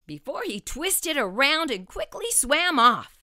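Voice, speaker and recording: A woman reading a rhyming children's picture book aloud, slow and expressive. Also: high voice, no room sound, clean studio sound. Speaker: storyteller. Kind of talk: children's storybook read-aloud.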